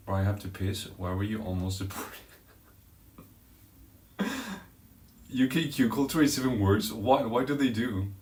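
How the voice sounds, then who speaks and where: A man streaming live, telling a story in a dramatic, animated way with crude language. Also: fairly low pitch, unhurried, long pauses, reverberant, slight background noise. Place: outdoors on a walk.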